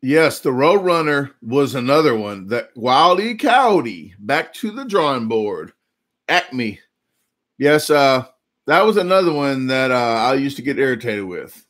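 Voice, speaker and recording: A man's voice: mid-range voice, big pitch swings, a little slow, fairly bright tone. A man in his forties with a Southern US accent, hosting a casual live chat and telling rambling, jokey stories. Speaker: livestream host.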